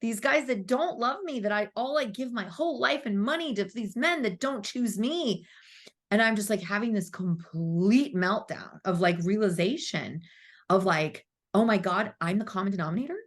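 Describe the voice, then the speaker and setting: A woman's voice: mid-range voice, lively intonation, normal speed. A woman in her thirties, a spiritual coach, telling her story as a podcast guest, candid and swearing freely, acting out her past self. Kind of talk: emotional storytelling interview.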